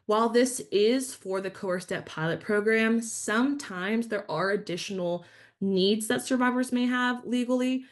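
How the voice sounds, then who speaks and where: A woman leads an online training session over a video call. She walks her audience through each step in a friendly, instructive manner and calls them y'all. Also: medium pitch.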